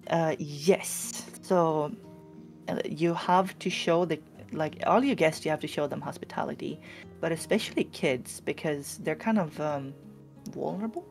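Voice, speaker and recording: A woman from Sweden chatting casually, relaxed and thoughtful, with frequent fillers. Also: deep voice, measured pace, soft background music. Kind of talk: casual chat.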